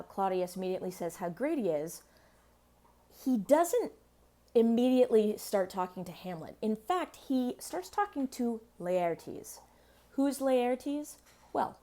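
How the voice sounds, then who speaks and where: A woman's voice: medium pitch, darkish tone. A woman teaching in a casual explanatory lesson, chatty with sassy asides.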